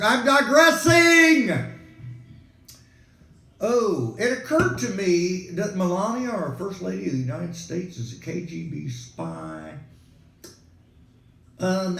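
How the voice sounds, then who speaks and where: Casting: high-pitched male comic host, sarcastic rambler, echoey room. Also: vocal fry. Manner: sarcastic, digressive ranting. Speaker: comedic weatherman host.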